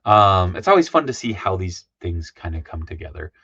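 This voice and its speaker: A man's voice: low voice, big pitch swings, normal speed, vocal fry, sharp tone, breathy edge, dry recording. A man hosting his livestream in casual chat, losing his voice, rambling with lots of ums as he signs off. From Minnesota. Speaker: livestream host. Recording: dull lo-fi dry sound.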